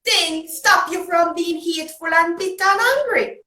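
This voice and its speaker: A woman's voice: extremely high pitch, normal speed, bright, forceful tone, reverberant, poor audio. A woman host, talking bluntly and emphatically in a casual chat. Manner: blunt, emphatic, patois-tinged. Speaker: podcast host.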